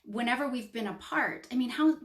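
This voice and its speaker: A woman's voice: on the high side, brisk, reverberant. A woman with a Canadian accent, a child psychologist coaching parents in a casual talk, explaining step by step and checking in with "right?".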